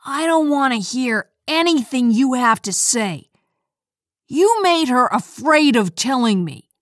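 In this storybook reading, a betrayed teenage boy swings between pleading and bitter accusation, as a woman puts him on. His voice climbs high and swoops widely, loud and pressing. The sound is close and dry. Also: big pitch swings, slow, no echo, heavily acted. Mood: angry. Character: hurt, angry teenage boy, the narrator's best friend.

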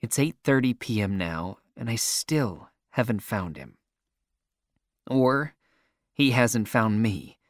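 A man narrating a first-person story in an emotional, expressive reading voice. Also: mid-range voice, slow, dry recording, studio quality.

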